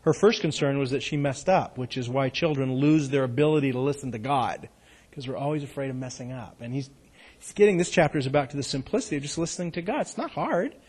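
A middle-aged man preaching a sermon, moving between loud, urgent exhortation and soft, hushed reading. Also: mid-range voice, fast talker, husky. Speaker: pastor.

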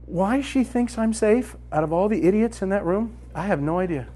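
A man in his fifties telling a lively story in a sermon, acting out the dialogue as he goes. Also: high voice, normal speed, slightly rough. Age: 50s.

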